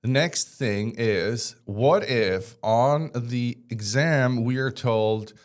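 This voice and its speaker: A man's voice: mid-range voice, takes it slowly. A man teaching a casual screen-share tutorial, chatty and joking, with rambling asides. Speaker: tech instructor.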